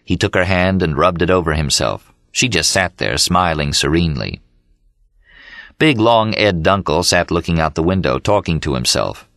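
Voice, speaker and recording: Deep-voiced man reading an audiobook. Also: dry recording, studio quality. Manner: steady, measured reading. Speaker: audiobook narrator. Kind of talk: scripted narration. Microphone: studio mic.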